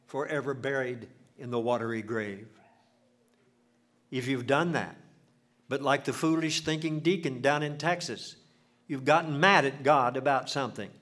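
An older man preaching a sermon, swelling loud for emphasis and dropping to a near hush. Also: mid-range voice. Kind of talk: sermon with invitation.

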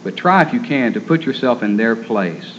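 A man preaching a sermon in an earnest, gentle storytelling manner. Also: mid-range voice, animated, normal speed, slight background noise. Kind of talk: sermon on caring for the terminally ill. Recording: dull lo-fi recording.

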